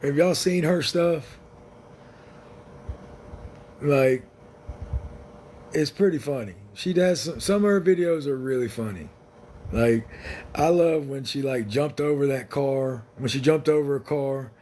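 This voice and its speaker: A man's voice: medium pitch, a little slow, pauses often, dark tone, a little hiss or hum. A man hosting a casual livestream, talking to viewers in a blunt, rambling, joking way. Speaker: livestream host.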